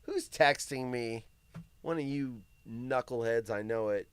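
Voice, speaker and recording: A man's voice: medium pitch, a little slow, clean tone. A man hosting a live show, chatting casually and reading odd news stories aloud with crude, rambling asides.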